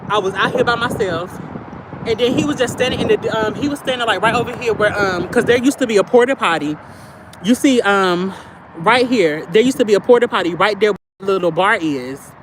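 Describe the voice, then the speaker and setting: A trans woman who lives in her car, chatting in slangy storytelling on a phone livestream while she walks outdoors in a field near a highway. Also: a little fast. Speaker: vlogger living in a car. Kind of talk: casual livestream chat. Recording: loud outdoor traffic noise. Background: highway traffic.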